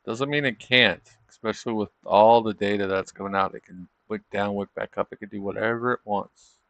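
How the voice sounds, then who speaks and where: A man's voice: fairly low pitch, steady tone, brisk, vocal fry, fairly bright tone, no echo. A man hosting a trading livestream, chatting casually over charts and tossing in tag questions like "isn't it?". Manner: loose, chatty, thinking aloud.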